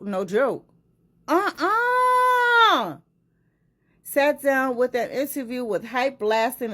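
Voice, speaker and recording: A woman with a fairly high voice reads a gossip article aloud in casual commentary. She keeps breaking off to exclaim and react in animated asides. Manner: animated, exclaiming and interrupting her own reading. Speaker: commentator reading celebrity news.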